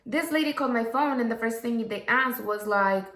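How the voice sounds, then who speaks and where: A woman's voice: a little high, normal speed, fairly bright tone. A woman telling a story while doing a makeup tutorial, frank and profane, often checking in with "okay?" and "right?". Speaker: makeup vlogger. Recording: echoey room.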